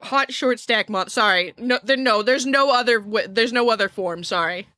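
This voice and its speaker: A woman's voice: fairly high pitch, normal speed, sharp tone, no echo, clean studio sound. A woman from Scotland chatting casually with viewers on a livestream, giggly and rambling, often cutting herself off mid-sentence. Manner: giggly, rambling, self-interrupting. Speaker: virtual streamer.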